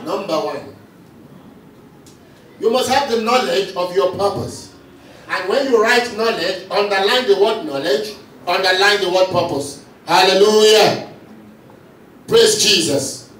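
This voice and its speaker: With a high, somewhat bright voice, this pastor speaks unhurriedly and pauses often. He preaches a sermon built on call-and-response, repeating lines for the congregation, recorded far off in an echoey hall with faint noise.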